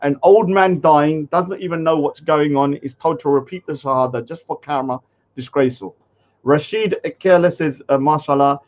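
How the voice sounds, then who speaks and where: Brief: higher-voiced male streamer, mocking and dismissive, muffled stream sound. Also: moderate pace, a little mellow. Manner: scornful, mocking, mimics commenters in a high voice. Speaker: livestream commentator. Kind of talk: casual livestream commentary. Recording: dull lo-fi stream audio.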